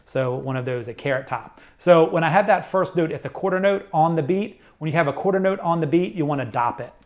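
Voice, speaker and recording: Middle-aged guy teaching sax, slightly high voice, clear and step by step. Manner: clear, methodical explaining with demonstrations. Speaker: saxophone teacher. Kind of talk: instructional music lesson.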